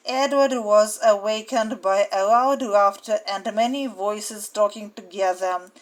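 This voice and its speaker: A woman reading a storybook aloud, slowly and with great care. Her voice sits at a middle pitch, and she gives each sentence a measured, deliberate delivery. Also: rough recording. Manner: slow, careful, deliberate reading. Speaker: reader.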